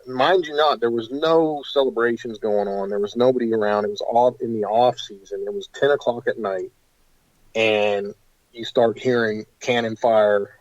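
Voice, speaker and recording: Guy, kinda low voice, rambling excited stories, lotta ums, muffled dry audio. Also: no echo. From United States. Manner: animated, hesitant with many fillers. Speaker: guest paranormal investigator. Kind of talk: casual interview storytelling.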